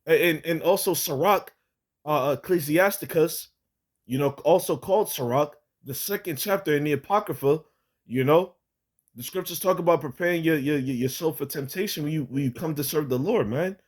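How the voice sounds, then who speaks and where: A man's voice: on the high side, normal speed. A young man with a slightly raised voice tells a personal religious testimony in a loose, rambling way. He restarts sentences constantly, leans on fillers like "you know" and "like", and swears casually. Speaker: religious vlogger giving testimony.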